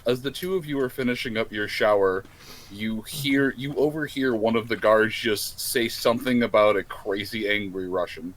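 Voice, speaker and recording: A man narrating a tabletop role-playing game as game master, describing scenes in a loose, quick way. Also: on the low side, fairly bright tone, rough recording.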